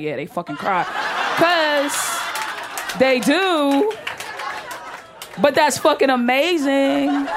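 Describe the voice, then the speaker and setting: A woman comedian working a live club crowd with a handheld mic. Her delivery is brash, profane and chatty, with loose storytelling rhythms. The live recording carries a faint background hiss. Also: a little high. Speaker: stand-up comedian. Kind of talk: stand-up comedy set. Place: comedy club stage with laughing audience.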